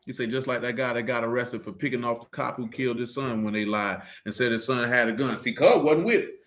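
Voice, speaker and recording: A man's voice: mid-range voice, a little fast, a bit bright. A man talking in a casual, preaching way, emphatic and fond of rhetorical questions. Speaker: religious discussion leader. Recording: echoey room.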